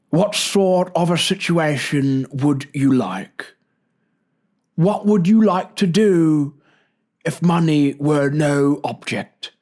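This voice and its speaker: Man doing a hushed old nature narrator. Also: fairly high pitch, full character voice. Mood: solemn. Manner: slow, solemn measured reading. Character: elderly male British nature-documentary narrator, calm and hushed.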